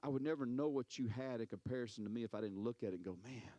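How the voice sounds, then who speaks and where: A man preaching a sermon as a pastor, telling stories in an animated way, repeating words and acting out quotes. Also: mid-range voice, rapid-fire, dry recording, dull audio.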